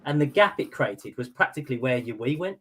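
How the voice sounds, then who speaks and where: A man hosting a casual podcast chat, chatty and quick to laugh along with his guests. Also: mid-range voice, expressive, fairly bright tone. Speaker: podcast host.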